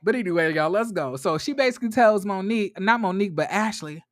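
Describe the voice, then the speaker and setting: A man talks through a reality-show episode in a casual, gossipy recap, laughing as he goes. His voice sits high, and the recording is dry and close with no room sound. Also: quick pace, dry recording. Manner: animated, gossipy, laughing often. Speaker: commentary vlogger. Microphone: camera mic.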